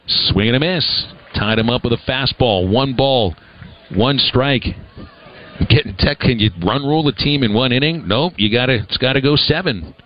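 A man giving live baseball play-by-play as announcer, brisk and conversational with dry humor. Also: mid-range voice, lo-fi sound, a little hiss or hum.

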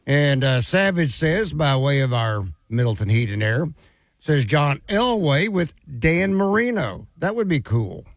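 A man with a gravelly, creaky voice co-hosts casual sports talk radio. He reads out listener messages and chats along. The sound is close and dry. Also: a little high, big pitch swings, measured pace, no echo.

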